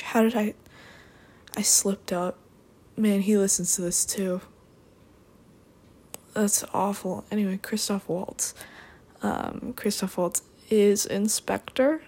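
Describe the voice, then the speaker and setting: A woman's voice: medium pitch, mellow, slightly rough. Rambling, sarcastic young woman. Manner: rambling, sarcastic asides, playful. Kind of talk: rambling comedic chat.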